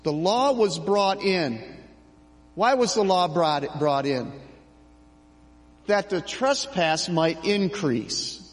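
A middle-aged man preaching a sermon as pastor, slow and emphatic with dramatic pauses. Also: high voice, lively intonation, big-room sound.

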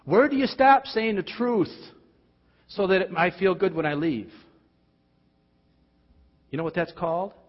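A man preaching a sermon, asking emphatic rhetorical questions and dropping at times to quiet, intense tones. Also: a little slow, long pauses. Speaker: pastor. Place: church. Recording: dull, boomy hall sound.

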